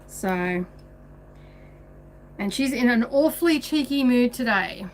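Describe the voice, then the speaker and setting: Chatty woman, high voice. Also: animated, takes it slowly, slight background noise. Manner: chatty, laughs often. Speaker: craft livestream host. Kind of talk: casual craft tutorial. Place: home sewing room.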